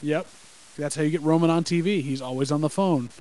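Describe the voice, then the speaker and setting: A man's voice: on the high side, a little fast, dark tone, low-quality recording. A man co-hosting a casual wrestling podcast, telling stories with wry, dry asides. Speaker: podcast co-host. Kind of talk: casual live-react chat.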